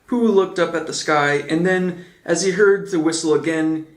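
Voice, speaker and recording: A man narrates a children's story in a gentle, measured way. His voice sits a bit high for a man. The room around him sounds roomy and echoey. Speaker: audiobook reader. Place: indoor room, on camera. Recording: roomy echo.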